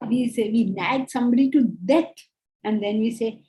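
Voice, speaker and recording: A woman giving a spiritual lecture, earnest and animated, acting out the inner voices she quotes. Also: a little high, moderate pace, low-quality recording. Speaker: Vedanta teacher.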